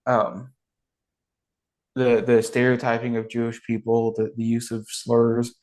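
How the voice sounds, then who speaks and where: A man's voice: mid-range voice, completely flat delivery, unhurried, a little mellow. A man co-hosting a podcast, talking through a film in a thoughtful, searching way. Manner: thoughtful, searching, with many fillers and restarts. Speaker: podcast co-host. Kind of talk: casual film review chat.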